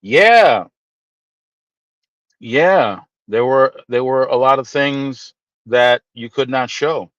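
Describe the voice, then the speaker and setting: A man hosting a live stream, chatting casually with viewers and teasing them in playful, animated asides. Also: mid-range voice, slow, long pauses, dry recording, lo-fi sound. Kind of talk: casual chat reading viewer comments.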